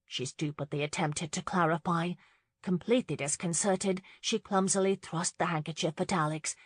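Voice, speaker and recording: A woman narrating a romance audiobook in a measured, scripted style on a studio mic. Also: lowish voice, fairly even intonation, no room sound.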